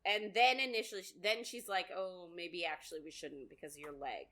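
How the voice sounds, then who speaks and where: A woman's voice: on the low side, steady tone, fairly quick, pushed and bright. A woman co-hosting a podcast, chatting casually through a book recap with lots of fillers and quoted asides. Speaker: podcast co-host.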